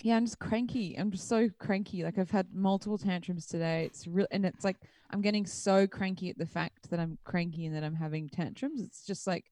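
A young woman chatting with friends on a podcast. She is animated and tells anecdotes by voicing everyone involved. The sound is dry and close to the mic. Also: lowish voice, a little fast, few pauses, dry recording. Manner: animated storyteller who acts out both sides of conversations. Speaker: podcast co-host. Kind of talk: casual chat.

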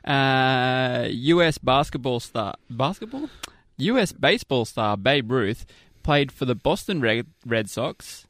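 Lively, laughing male quiz host. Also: medium pitch, dry recording. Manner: laughs often, quick joking asides. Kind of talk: casual chat.

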